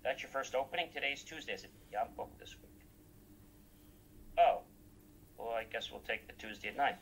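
A man's voice: medium pitch, a bit bright, a little hiss or hum, rough recording. A man recounting anecdotes in a casual talk, acting out the dialogue he quotes.

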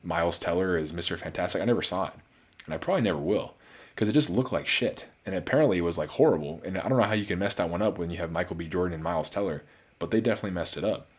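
A man's voice: low voice, expressive, very fast, husky. A man giving a casual solo movie review, rambling with many restarts and fillers. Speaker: film reviewer.

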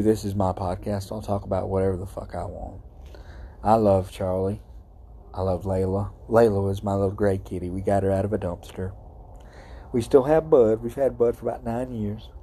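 A man with a drawl talks in a low, mellow voice, rambling from the heart and cursing freely. He records his podcast outdoors at night. Faint background noise sits under his voice. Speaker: podcast host. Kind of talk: casual solo podcast monologue.

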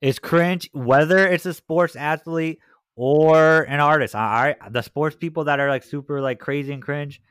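A man's voice: fairly high pitch, moderate pace, fairly bright tone, smooth, dry recording. A young man co-hosting a podcast, telling stories in a laid-back way and often saying "like". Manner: laid-back, storytelling, heavy use of "like". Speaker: podcast co-host. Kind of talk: casual chat. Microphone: studio mic, dry booth.

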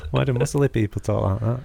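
A man's voice: mid-range voice, normal speed, gravelly, mellow. A young man, co-hosting a casual podcast chat, blunt and sweary, teasing his friends. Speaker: podcast co-host. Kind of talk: casual banter among friends.

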